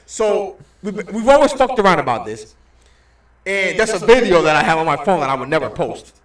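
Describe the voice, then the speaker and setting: High, animated man telling a story. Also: fairly quick, roomy sound, far from the mic, crowd noise. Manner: animated, laughing often, mimics singsong Italian. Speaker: podcast co-host. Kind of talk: loud casual storytelling.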